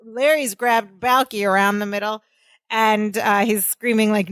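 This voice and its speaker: A woman's voice: medium pitch, steady tone, normal speed, smooth, no room sound. A woman co-hosting a podcast, casually retelling a sitcom episode scene by scene. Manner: storytelling, narrates scenes step by step. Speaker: podcast co-host.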